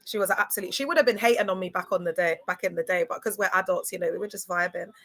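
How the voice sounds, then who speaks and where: Bright-voiced woman chatting on a livestream. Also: lowish voice, rapid-fire. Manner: animated, slangy, asks "do you get what I'm saying". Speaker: livestream host. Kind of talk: casual live-stream talk.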